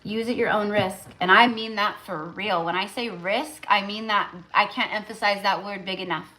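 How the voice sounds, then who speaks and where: A woman's voice: mid-range voice, steady tone, normal speed, pushed and bright, poor audio. A woman tarot reader hosting a casual live stream, talking emphatically with lots of repetition and fillers.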